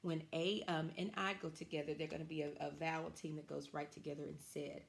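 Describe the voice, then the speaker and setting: A woman teacher giving an online reading lesson to young children, encouraging and slow, drawing out her words clearly. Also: deep voice, flat delivery.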